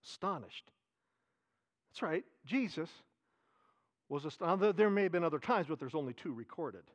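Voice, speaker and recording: A pastor preaches a sermon in a fairly high, lively voice at a moderate pace, animated and repeating his key phrases for emphasis. He swings between raised emphasis and quiet, hushed asides.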